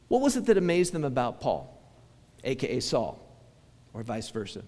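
Male pastor, fairly high voice, chatty sermon delivery with acted-out quotes, church-hall reverb. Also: very animated, a little fast, a little mellow. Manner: conversational preaching, acts out quoted voices, frequent restarts.

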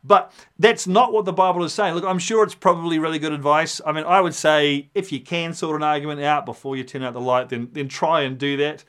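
A man preaching a sermon with a somewhat high voice. He tells it like a story, animated, and acts out the voices of the people in it. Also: a little fast, hardly any pauses, smooth. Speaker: pastor.

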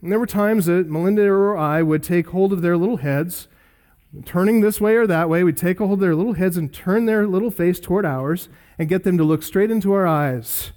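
Earnest, high-voiced male preacher. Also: darkish tone. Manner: emphatic, earnest preaching with dramatic pauses. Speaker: pastor. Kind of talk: sermon.

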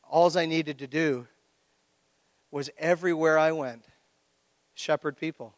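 A pastor preaching a sermon, telling a personal story with lively acted-out reactions. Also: male voice, on the high side, no echo, in a large hall. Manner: animated storytelling, acting out his own reactions. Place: church.

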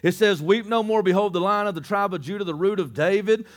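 A male pastor with a high voice delivering a Bible-teaching sermon. He talks fast and keeps the congregation engaged with quick rhetorical questions.

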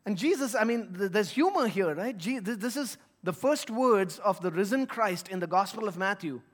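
A man's voice: sits high, expressive, moderate pace. A man giving an earnest, emphatic sermon as a pastor, reading scripture and explaining it.

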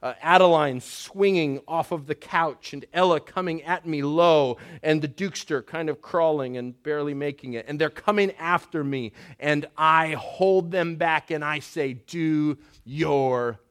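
A man in his thirties giving a sermon as pastor, conversational, with wry humor and slow, emphatic phrases. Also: fairly high pitch, a bit bright.

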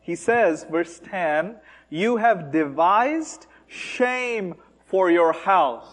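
A male preacher with a high voice delivers a sermon at an unhurried pace. His pitch swings widely as he mocks with emphasis and poses rhetorical questions to the congregation. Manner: animated, mocking emphasis on taunts, rhetorical questions.

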